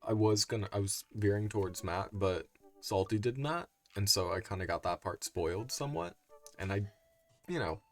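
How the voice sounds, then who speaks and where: A man's voice: on the low side, normal speed, soft background music. A young man streaming a game live, chatty and rambling, with frequent side comments. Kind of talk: live game playthrough, reading aloud.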